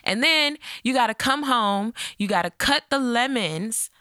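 A woman's voice: a little high, lively intonation, a little slow, bright, forceful tone, no room sound, studio quality. A woman hosting her own podcast in a casual monologue. She talks to her listeners as "sis" and "y'all" and keeps checking in with them by asking "okay?". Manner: chatty and encouraging, often checking in with "okay?". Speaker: podcast host.

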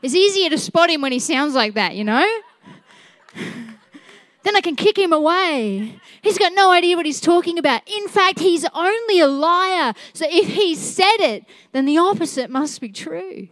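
A woman's voice: extremely high pitch, animated, normal speed, a bit bright, no room sound. A woman teaching a church class, playful and laughing often as she asks the room questions. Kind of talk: sermon teaching.

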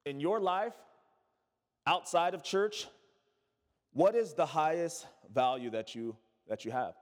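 A man with a high voice preaches a sermon, building emphasis through repeated phrases and calling on the congregation to answer back. His voice rings with a long reverb in a large church hall. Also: slow. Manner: preaching with call-and-response, rising emphatic repetition. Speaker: pastor. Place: church sanctuary.

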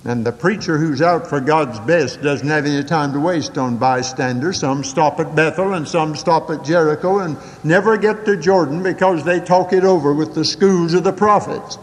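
An older male preacher delivers a sermon in a fairly high voice, swinging from quick folksy asides to slow, weighty emphasis. The recording carries a long hall reverb. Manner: folksy storytelling with dramatic swings in pitch and pace.

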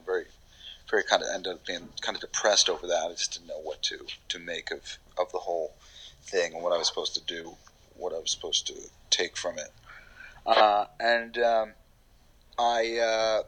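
A man's voice: sits low, a bit bright, rough recording. A man from New York, a voiceover actor, talking in a loose, rambling way with casual swearing in a podcast interview. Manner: rambling, many fillers and restarts, casual swearing.

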